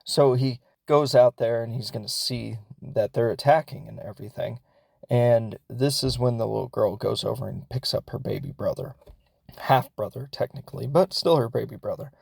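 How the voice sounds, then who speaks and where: A man's voice: medium pitch, moderate pace, creaky, darkish tone, breathy edge, no echo. A man hosting a podcast, recapping a film in a casual, rambling way, with lots of fillers and laughs as he goes. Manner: rambling and chatty, many fillers; laughs as he talks. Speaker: podcast host.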